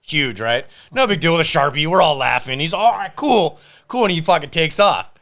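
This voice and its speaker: Animated man telling a bar story. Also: a little high, a little fast, vocal fry. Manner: animated, profane, acting out quotes. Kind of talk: casual storytelling.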